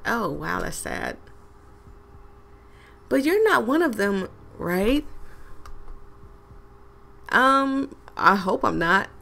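Brief: young woman streamer, unhurried gravelly chatter, laughs at herself. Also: mid-range voice, sing-song, sharp tone. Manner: giggly, self-mocking asides. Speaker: gaming video host. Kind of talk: casual gameplay commentary.

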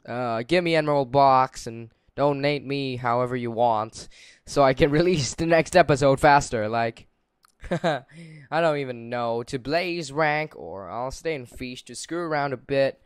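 A young man casually commentating his own gameplay, excitable and quick to exclaim and laugh. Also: medium pitch, clean tone, no echo, clean studio sound. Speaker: gaming channel host.

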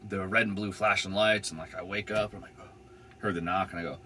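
A man's voice: deep voice, fast, long pauses, sharp tone, slight background noise. A young man telling a van-life story in a casual, rambling way, full of fillers and swearing. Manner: rambling, laid-back, swears freely, many "like" fillers.

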